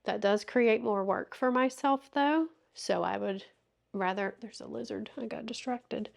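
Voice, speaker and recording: Soft-spoken woman vlogging at home. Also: a little high, a little slow, vocal fry. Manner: chatty, thinking aloud with fillers. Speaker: vlogger testing a new camera. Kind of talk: casual vlog talk. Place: indoors at home, walking around. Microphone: wireless clip-on mic.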